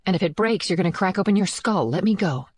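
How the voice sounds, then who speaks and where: A tough woman investigator, as a male narrator puts her on, talking in short, urgent bursts. Her voice sits noticeably higher than his own and has a husky, breathy edge. The thriller audiobook reading stays tense and clipped. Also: expressive, fast talker, no room sound. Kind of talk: audiobook character voice.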